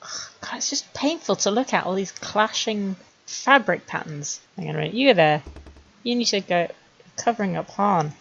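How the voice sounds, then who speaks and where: A woman streamer chatting wryly to herself as she builds animated scenes, laughing at her own jokes. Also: medium pitch, normal speed, gravelly, husky, lo-fi sound. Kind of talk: casual commentary while making a 3D animation.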